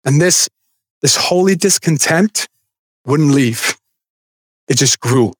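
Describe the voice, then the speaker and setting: A man's voice: a little high, lively intonation, takes it slowly, no echo, clean studio sound. A man in his thirties preaching a conversational sermon as a pastor, with chatty asides and light laughter.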